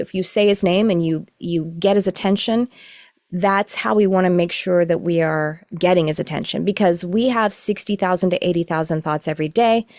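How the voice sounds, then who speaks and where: A middle-aged woman teaching a live online class, explaining in a relaxed, rambling way with self-corrections. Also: mid-range voice, no room sound, studio quality. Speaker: course teacher. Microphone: video call.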